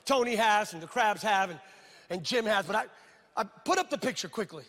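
A man's voice: sits high, lively intonation, a little fast, fairly bright tone. A middle-aged man, a pastor, telling a humorous story in a sermon and acting out the dialogue. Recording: reverberant hall sound.

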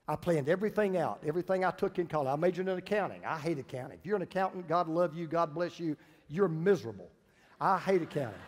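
Middle-aged pastor preaching in a reverberant hall. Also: male voice, high voice. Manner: emphatic preaching with dramatic drops to a hushed voice. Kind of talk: sermon. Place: church sanctuary.

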